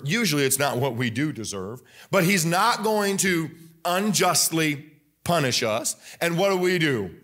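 A young man with a Midwestern accent preaches a sermon in church. His voice sits a little high, and he tells stories with energy, jumping into quoted voices as he goes. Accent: Midwestern American. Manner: animated storytelling, acts out quoted voices. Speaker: pastor. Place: church sanctuary.

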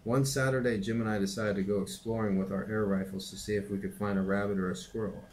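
Lowish-voiced man reading a novel aloud. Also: poor audio. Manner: steady, unhurried narration. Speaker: reader and teacher.

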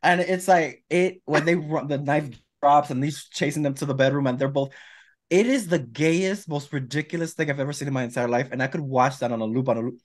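A man's voice: fairly high pitch, brisk. A man co-hosting a podcast, chatting casually and gushing with lots of stumbling restarts. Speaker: podcast co-host. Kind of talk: casual chat.

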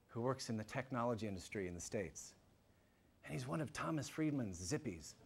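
A man giving a public lecture to a live audience, animated and emphatic, swinging from loud points to hushed asides. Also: mid-range voice, creaky. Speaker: guest lecturer.

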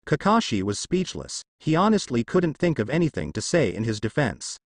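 A man narrating a fan fiction story in a plain, steady reading. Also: medium pitch, normal speed, vocal fry, no room sound, studio quality.

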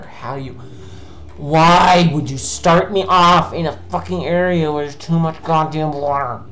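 A woman doing let's play commentary, ranting in exasperation with heavy swearing and sudden bursts of shouting. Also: sits low, unhurried, a little hiss or hum, rough recording. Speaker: gameplay commentator.

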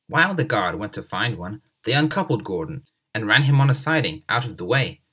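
Husky, expressive male storyteller. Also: on the low side, a little fast, few pauses. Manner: expressive, lively reading. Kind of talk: scripted narration of a children's story.

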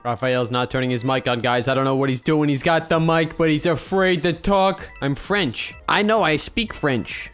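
A man's voice: on the high side, a bit bright. A young man hosting a gaming video, talking casually and energetically while calling out to other players. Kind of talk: casual gameplay commentary.

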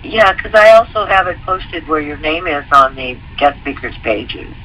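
A man's voice: fairly high pitch, lively intonation, normal speed, sharp tone, a little hiss or hum, rough recording. A man hosting a call-in show, moderating with brief, businesslike remarks. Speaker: host.

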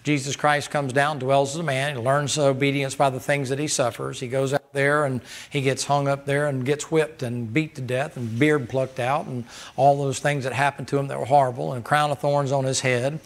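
Folksy preacher with gravelly voice. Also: male voice, medium pitch, level tone, normal speed. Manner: folksy, joking, rising to loud laughing bursts. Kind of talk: sermon.

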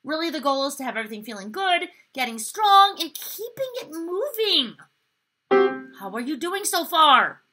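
A woman with a high, bright-sounding speaking voice leads an upbeat singing lesson, coaching her students and singing the exercises for them. Piano music plays clearly behind her. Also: big pitch swings, moderate pace. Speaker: voice teacher.

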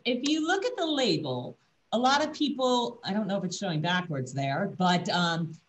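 A woman's voice: medium pitch, low-quality recording. A woman from a winery presenting a wine tasting over a video call, explaining grapes and vintages enthusiastically. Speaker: winery representative.

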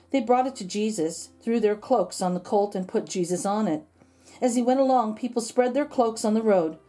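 A woman, a kindergarten teacher, reading a story aloud in an expressive, sing-song storytime manner. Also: fairly high pitch, normal speed, soft background music.

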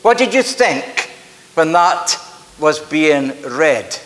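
Slow, high-voiced Scottish pastor preaching. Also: male voice, big pitch swings, a bit bright. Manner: earnest, emphatic storytelling. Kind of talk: sermon. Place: church sanctuary. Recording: echoey church hall with long reverb.

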